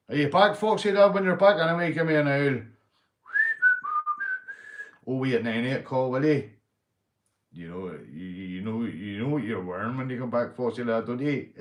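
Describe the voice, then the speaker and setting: A Northern Irish man talks casually on a livestream in a mid-range voice, sipping a beer between lines. He swings from loud, lively shout-outs to low, gruff muttering and swears freely. The room around him has a noticeable echo.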